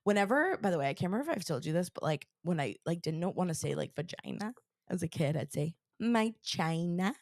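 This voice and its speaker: A woman's voice: fairly low pitch, expressive, quick pace, gravelly, a little mellow, no echo, clean studio sound. A woman co-hosting a podcast in casual chat, rambling with lots of fillers while getting over an illness. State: sick, recovering. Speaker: podcast co-host. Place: Connecticut.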